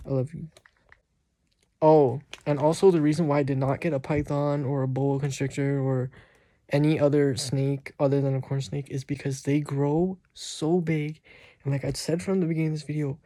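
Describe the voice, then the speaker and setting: A man's voice: on the high side, mellow, no echo, studio quality. A young man vlogging about pet care in a rambling, slangy way, often laughing. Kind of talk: casual vlog chat.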